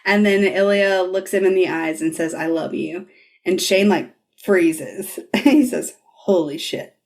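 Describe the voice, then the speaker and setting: A woman hosts a podcast with a somewhat low voice. She retells a scene in casual talk, laughs often and swears freely. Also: unhurried. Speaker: podcast host.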